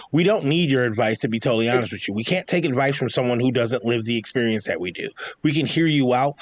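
A blunt man, talking in a casual chat. He speaks at an ordinary pitch for a man and swears now and then for emphasis. He works through his point step by step. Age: 40s.

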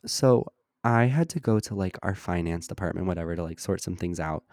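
A man's voice: deep voice, brisk, a little mellow, no room sound, clean studio sound. A young man co-hosting a casual podcast, telling a long story with many "like" fillers and acting out overheard lines. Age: young adult. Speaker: podcast co-host. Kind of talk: casual chat.

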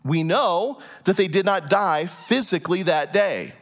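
A man preaching a sermon to a congregation, earnest and deliberate, pausing for effect and acting out imagined prayers. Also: high voice, animated, soft background music. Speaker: pastor. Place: church hall before a congregation.

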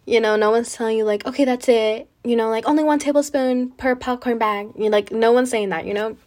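Woman podcast host, casual storyteller, chatty and rambling, a bit high voice. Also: steady tone, a little fast, a little mellow. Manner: chatty, lots of "like" and "you know".

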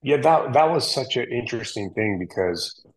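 A U.S. firefighter guesting on a podcast speaks at normal speed in a mid-range voice, retelling a story in a relaxed, animated way packed with fillers and quoted dialogue he acts out. It's a low-quality recording.

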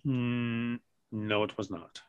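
A man on a podcast telling a story casually, swearing constantly and animated in his retelling. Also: medium pitch, takes it slowly, smooth, no echo, lo-fi sound. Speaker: podcast co-host.

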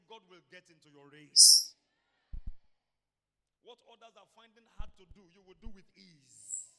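A man's voice: high voice, bright, forceful tone, big-room sound. A male pastor preaching a fervent sermon and leading the congregation in call-and-response.

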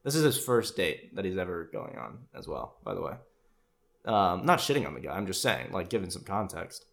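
Brief: male commentator, low voice, loose and sarcastic, casual reaction talk. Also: very animated, normal speed, vocal fry, a bit bright. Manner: rambling, sarcastic, swears freely.

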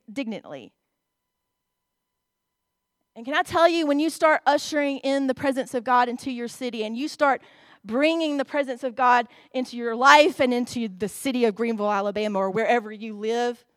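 A woman's voice: sits high, dry recording, studio quality. A woman, preaching a sermon in a church, reading scripture aloud and speaking expressively to the congregation.

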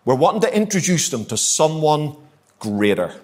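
A man's voice: on the high side, very animated, moderate pace. A man with a Northern Irish accent preaching a sermon to a church congregation, emphatic and repetitive, asking the room rhetorical questions. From Northern Ireland. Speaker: guest preacher. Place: church hall, live congregation.

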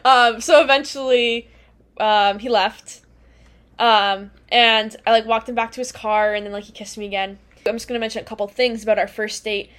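High-voiced young woman rambling through a story. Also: steady tone, normal speed, fairly bright tone. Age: young adult. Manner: rambling storyteller, laughs often. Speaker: podcast co-host. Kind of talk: casual chat.

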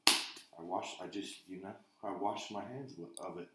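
A man's voice: low-pitched, measured pace, roomy sound, very noisy. A man on a podcast, telling rambling stories full of swearing in casual chat. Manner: profane, rambling storyteller. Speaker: podcast co-host.

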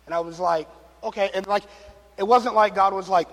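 A pastor with a high, brisk voice delivers a sermon, animatedly acting out the people in his story and joking and laughing as he goes. The long reverb of a large hall surrounds him.

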